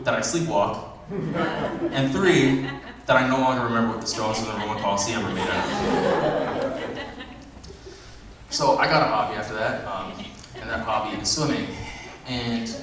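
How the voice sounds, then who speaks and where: A man's voice: mid-range voice, noisy background. Young man doing stand-up in an echoey club. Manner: animated storytelling, acts out voices. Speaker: stand-up comedian. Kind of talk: stand-up comedy set. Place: comedy club stage. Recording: distant, very echoey club room.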